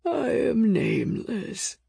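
A woman voicing an ancient, stooped blind priest of no clear sex, who speaks in a slow, creaky, scratchy half-whisper. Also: on the high side, huge pitch swings, dark tone, no echo, pitched above the performer's own voice, full character voice. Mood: cryptic.

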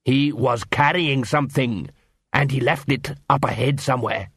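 A man's voice: medium pitch, fairly bright tone, slightly rough, dry recording, clean studio sound. A man voicing a curious male dwarf who thinks things through aloud, read as an audiobook character. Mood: reasoning. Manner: quick-thinking, explaining, reasoning aloud.

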